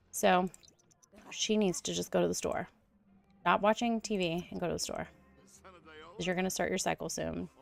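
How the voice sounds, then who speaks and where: A young adult woman streams a game and chats casually, rambling and laughing often. Her voice is medium in pitch with vocal fry.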